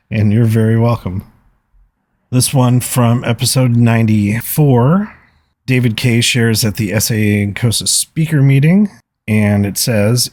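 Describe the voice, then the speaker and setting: A man's voice: medium pitch, a little slow, darkish tone, no echo. A man hosting a podcast alone, speaking in an earnest, reflective way as he reads out listener comments. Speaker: podcast host. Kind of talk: solo podcast talk, reading listener comments.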